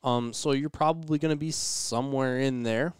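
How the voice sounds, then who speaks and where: Explaining man with a smooth voice. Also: mid-range voice, steady tone, normal speed, dry recording, studio quality. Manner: explanatory, lots of agreeing murmurs. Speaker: podcast guest. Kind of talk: casual chat.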